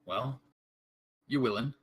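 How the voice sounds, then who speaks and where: A man's voice: mid-range voice, takes it slowly, husky. A man voicing a sarcastic, dismissive male guard at a mansion door in a tabletop game.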